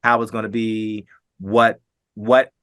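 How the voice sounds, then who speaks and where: A middle-aged man and former pro football player, telling stories in a casual interview, animated and acting out quotes. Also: lowish voice, slow pace, dry recording, clean studio sound.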